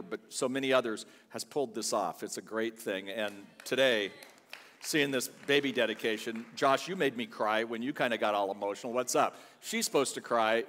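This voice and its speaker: A man's voice: mid-range voice, a bit bright, slight background noise. Older man, guest pastor, chatty funny storytelling sermon, reverberant church hall. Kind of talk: sermon with personal stories. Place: church sanctuary.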